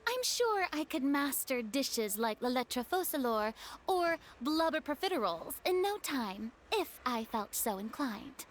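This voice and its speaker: A woman's voice: sits high, sing-song, a little slow, slight background noise. A woman voicing a proud, theatrical young female former goddess in a video game, speaking in a haughty, dramatic manner. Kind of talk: game dialogue.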